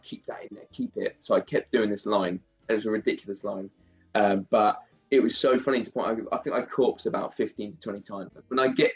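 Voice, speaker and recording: Chatty Southeast London actor, rambling. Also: male voice, fairly low pitch, dull audio. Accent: Southeast London English. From England. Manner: chatty, rambling, quick to laugh. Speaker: actor and guest. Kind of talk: casual interview chat.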